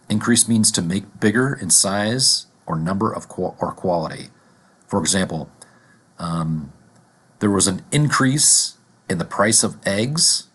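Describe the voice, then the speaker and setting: A man teaching a vocabulary lesson, deliberately repeating each word and its examples. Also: lowish voice, fairly bright tone, husky.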